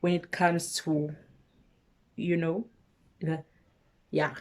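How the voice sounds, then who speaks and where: A woman with a South African accent telling a personal story on her vlog, lively, with hushed asides. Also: low-pitched, drawn-out words. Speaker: vlogger.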